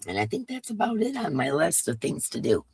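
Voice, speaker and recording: A woman's voice: low voice, wildly swooping pitch, a little fast, creaky, a little mellow, slightly rough, dry recording. A woman with a stuffy, congested nose hosts a live stream, chatting and greeting her viewers one by one. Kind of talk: casual chat with viewers.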